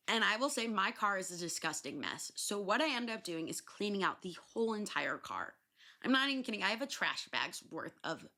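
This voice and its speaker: A woman in her twenties hosting a podcast, telling a story in a casual, animated way, swearing freely and acting out what people said. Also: lowish voice. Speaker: podcast host.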